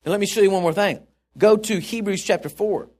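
A man preaching a sermon, stressing key points and dropping low for asides. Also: brisk, a little mellow.

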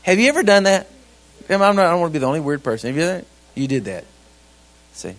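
Middle-aged male preacher, folksy sermon delivery, slightly higher voice, lots of questions to the room. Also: big pitch swings, quick pace, a bit bright. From grew up on a ranch. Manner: folksy, conversational, with rhetorical questions to the congregation.

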